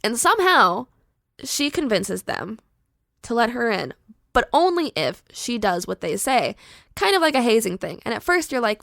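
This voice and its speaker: Young podcast host lady, gravelly voice, rambling chatty storytelling, dry close sound. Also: a little high, normal speed, dry recording. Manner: chatty and animated, lots of "like" fillers. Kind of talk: casual storytelling pitch.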